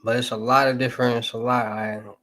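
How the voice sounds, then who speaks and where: A young man with a Southern US accent talks loosely to his livestream chat, rambling and full of slang. His voice sits in an ordinary middle pitch. The sound is close and dry, with little room in it. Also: flat delivery, fast talker, sharp tone, no echo. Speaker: livestream host. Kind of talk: casual livestream talk to chat.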